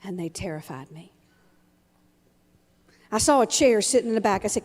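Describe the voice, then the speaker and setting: A woman in her fifties giving a humorous storytelling keynote as a motivational speaker, told in an animated comic way. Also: sits high, brisk. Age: 50s. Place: large event hall. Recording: long hall reverb from a live keynote.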